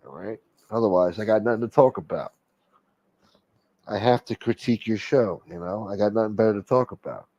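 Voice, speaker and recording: A slightly mellow male voice, fairly quick, murmurs answers to comments viewers type during his casual livestream. The recording has that flat, lo-fi stream quality.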